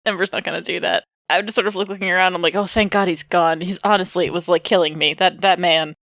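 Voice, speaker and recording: A woman playing a tabletop game, describing her character's actions in an excitable way. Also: fairly low pitch, quick pace, dry recording, studio quality. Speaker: player. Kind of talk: casual tabletop play.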